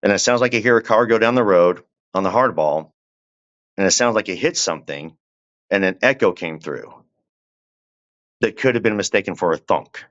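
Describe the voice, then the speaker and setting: Low-voiced man telling a story. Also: animated, a bit bright, dull audio. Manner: drawn-out, conversational storytelling with asides to the listener. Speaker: guest telling his story. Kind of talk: casual storytelling.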